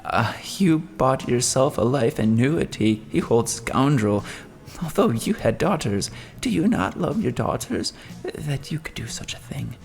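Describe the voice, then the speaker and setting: A man's voice: mid-range voice, big pitch swings, a little slow, gravelly, soft background music, voice pushed up. A man reading the part of a desperate, grief-stricken old father who pleads and rails at himself in an audiobook. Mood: despairing. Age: older. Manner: wailing, pleading, self-reproaching.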